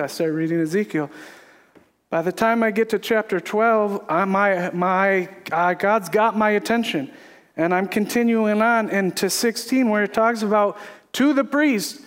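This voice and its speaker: A middle-aged pastor preaching a confessional sermon from a church stage. His voice sits high for a man, and he talks in an earnest, emphatic way. Long reverb fills the sanctuary around him. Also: a little slow, pauses often, fairly bright tone. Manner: earnest, emphatic, laughs at himself. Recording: echoey hall reverb.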